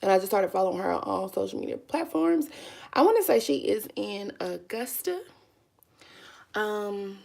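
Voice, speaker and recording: A woman's voice: mid-range voice, big pitch swings, normal speed, vocal fry, mellow. A young woman, chatting casually to viewers while doing her makeup, calling them honey and y'all. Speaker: vlogger. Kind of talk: casual makeup vlog chat.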